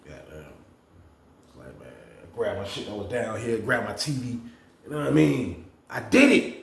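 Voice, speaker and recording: A man hosting a casual storytime, animated and profane, talking straight to his viewers. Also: mid-range voice, moderate pace, vocal fry, reverberant, crowd noise. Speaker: storytelling channel host. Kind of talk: casual storytime about prison.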